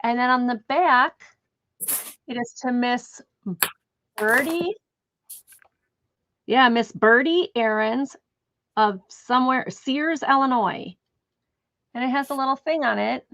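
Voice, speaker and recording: A woman's voice: high voice, takes it slowly, pauses often, a bit bright. A woman hosting a live online sale, chatting and thinking aloud as she describes a vintage postcard. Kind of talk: casual live sale chat. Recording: dull, dry lo-fi stream audio.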